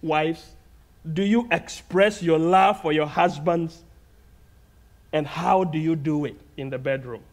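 Ghanaian-accented male preacher, higher-pitched voice, slow deliberate sermon delivery. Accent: Ghanaian English. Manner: slow, deliberate, earnest preaching with long pauses. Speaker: guest preacher. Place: church sanctuary.

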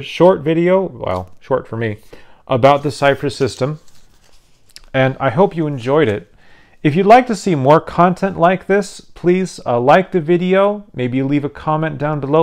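A man's voice: mid-range voice, a little mellow. Tired man rambling about game rules. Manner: rambling, frequent restarts and fillers. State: tired, yawning. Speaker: YouTube channel host. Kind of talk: casual rambling explanation.

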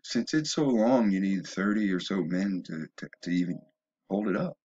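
Man, rambling opinion monologue, husky voice, stumbling restarts, dull lo-fi sound. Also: sits low, animated, moderate pace, darkish tone. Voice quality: stumbling restarts, emphatic rising bursts. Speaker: video blogger.

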